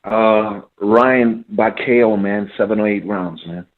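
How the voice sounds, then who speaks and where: Low-voiced male caller on a tinny phone line. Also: slow. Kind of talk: phone call-in.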